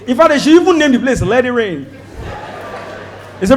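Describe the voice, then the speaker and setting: A man with a Nigerian accent doing a stand-up comedy set, loud and animated, acting out voices and shouting his punchlines. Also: extremely high pitch, fairly quick. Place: stage before a live audience.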